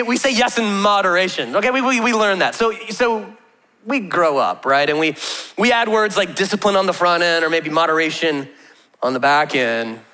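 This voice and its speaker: A man in his thirties preaches in a casual, joking way, his high voice ringing out through a large church auditorium. He tells stories and fires off rhetorical questions with a bright, forceful tone. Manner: chatty storytelling with humor and rhetorical questions. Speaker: pastor. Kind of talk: conversational sermon. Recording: long reverb of a large hall.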